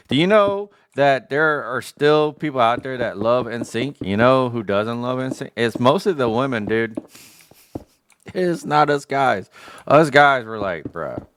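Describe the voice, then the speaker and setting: A man's voice: mid-range voice, fairly bright tone, smooth, no echo. A man livestreaming a game, chatting casually in a slangy, joking rant. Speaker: gaming livestreamer. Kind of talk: casual chat while gaming.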